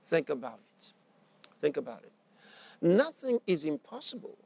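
A man's voice: fairly high pitch, big pitch swings, moderate pace, creaky, darkish tone, husky. A man preaching a sermon and telling a story, repeating his phrases for emphasis.

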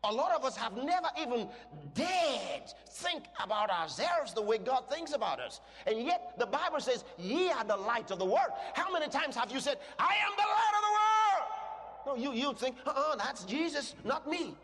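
A man delivers a sermon in a high, very animated voice that climbs into shouted declarations. He moves from quiet teaching to loud emphasis and asks his listeners questions. His voice carries a long reverb, as in a large hall. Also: normal speed, hardly any pauses. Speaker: preacher.

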